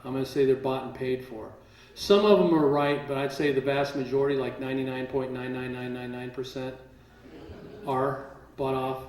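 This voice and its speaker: A man's voice: mid-range voice, normal speed. A man speaking at a live seminar, telling stories animatedly and acting out what others said, with occasional laughter. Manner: animated, acts out quotes, laughs while telling. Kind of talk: storytelling to a live audience. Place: large room with a live audience. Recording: roomy echo, distant mic.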